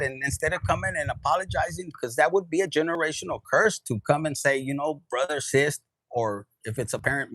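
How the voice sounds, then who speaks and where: Tarot reader, male, somewhat high, husky, dry close sound, casual and profane. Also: expressive, moderate pace, a bit bright, no room sound, poor audio. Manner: casual, profane, mixes in Spanish words. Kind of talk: spiritual reading monologue.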